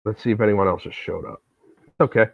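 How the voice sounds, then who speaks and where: A man's voice: on the low side, a little fast, gravelly, no room sound. Laid-back man streaming a game. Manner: relaxed, chatty, self-deprecating. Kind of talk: casual livestream chat while gaming. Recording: tinny, phone-like, dry sound.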